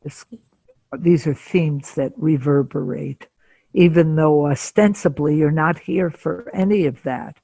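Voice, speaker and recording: An older woman therapist speaks slowly in a gravelly, husky voice, taking her time between phrases. She recounts cases in a calm interview setting. The sound is dry and close. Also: low-pitched, dry recording. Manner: slow, deliberate storyteller with frequent pauses. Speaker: psychotherapist guest. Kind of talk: interview storytelling.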